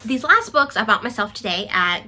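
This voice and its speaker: A woman book vlogger talking through a book haul in a casual, chatty way, excitable and self-deprecating. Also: mid-range voice, normal speed.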